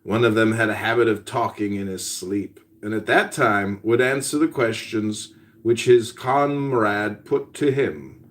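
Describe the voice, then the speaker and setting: A man hosting a podcast, bantering crudely and reading an old story aloud. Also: medium pitch. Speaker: podcast host.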